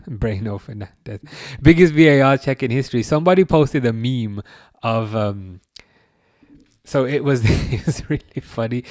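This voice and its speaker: A young man hosting a live football watchalong, chatting loosely and reading viewers' messages aloud. He flares up with excitement at big chances, then settles back into easy talk. His voice sits at a middling pitch and is recorded close and dry. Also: no echo. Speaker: watchalong streamer. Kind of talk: live match reaction and chat reading.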